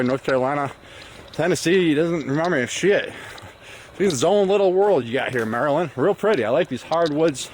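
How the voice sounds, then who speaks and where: Man, American Southern drawl mixed with Northern, swears constantly, joking trail vlog, outdoors in woods, faint ambient noise. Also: a little high. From Michigan, US Midwest. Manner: crude, swearing, joking, rambling. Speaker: thru-hiker vlogger. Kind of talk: casual profane trail monologue. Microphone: phone camera on trekking pole.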